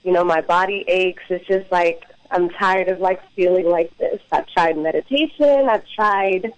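A woman's voice: fairly low pitch, unhurried, no echo. A woman in her twenties calling a radio show by phone, talking in a giggly, hesitant way with many fillers. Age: 20s. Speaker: caller. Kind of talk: call-in radio conversation. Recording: phone line.

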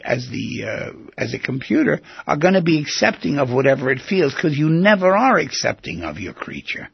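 Gravelly, raspy man coaching self-dialogue. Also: mid-range voice, no room sound. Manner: earnest, coaching, animated. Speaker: self-help teacher. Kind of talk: guided instruction. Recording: dull lo-fi recording.

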